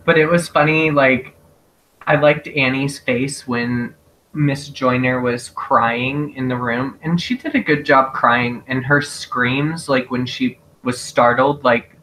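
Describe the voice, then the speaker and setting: Guy cohosting a podcast, bright voice, keeps laughing while he retells scenes, faint hum behind. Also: mid-range voice, fairly even intonation, slow, poor audio. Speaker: podcast co-host. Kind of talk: casual chat.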